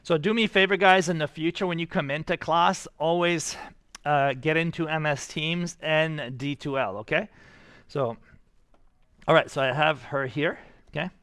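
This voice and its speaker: An energetic man teaching a drawing class, showing his students the steps and cheering them on as he works. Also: fairly high pitch, moderate pace, clear, resonant tone, no room sound. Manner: energetic, enthusiastic, talks straight to students. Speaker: art teacher.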